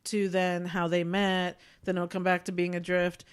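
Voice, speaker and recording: A woman's voice: on the low side, monotone, normal speed, clear, resonant tone. A woman co-hosting a podcast, reviewing a movie in a chatty, rambling way with many fillers. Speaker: podcast co-host. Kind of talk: casual chat, movie review.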